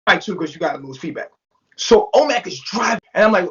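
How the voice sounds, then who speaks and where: A man's voice: high voice, quick pace. A man telling a story in casual, profane talk, acting out what others said in their voices. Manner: animated, profane, acts out quotes in voices. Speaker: interview guest. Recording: dull lo-fi sound.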